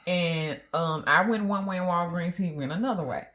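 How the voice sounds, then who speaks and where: A woman co-hosting a casual chat, an animated storyteller who acts out other voices. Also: on the low side, moderate pace. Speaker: co-host.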